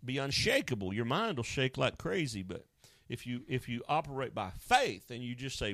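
Animated preacher man, dry close sound. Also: moderate pace, no room sound. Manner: animated, acts out Bible scenes with sudden high wailing voices. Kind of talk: sermon.

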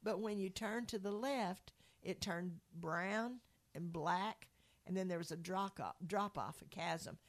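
A woman's voice: fairly low pitch, unhurried, slight background noise. Lady telling a church testimony story, earnest, kinda rambly, keeps restarting. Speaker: speaker sharing a faith testimony. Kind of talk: conversational religious storytelling.

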